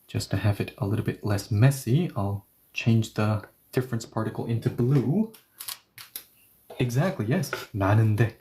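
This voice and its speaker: A man's voice: on the low side, normal speed, warm tone, a little hiss or hum. A man teaching a grammar lesson, explaining each step and asking questions that he then answers himself. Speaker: Korean language teacher.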